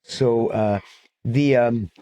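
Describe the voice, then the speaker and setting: A man speaking at a church conference in an animated, joking lecture style with frequent fillers. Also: medium pitch, drawn-out words. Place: church auditorium. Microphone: stand-mounted microphone.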